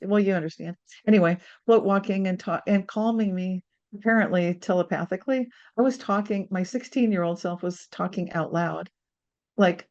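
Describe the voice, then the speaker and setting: A woman's voice: medium pitch, normal speed, lo-fi sound. A woman in her sixties, an author guest in an interview, telling a personal story and acting out what people said. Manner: animated storyteller, acts out quotes.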